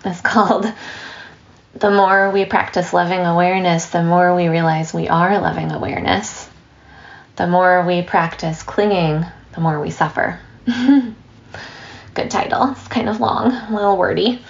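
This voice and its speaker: A woman giving a dharma talk as a meditation teacher, relaxed and storytelling, with light laughs and asides. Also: lowish voice, measured pace, vocal fry, lo-fi sound.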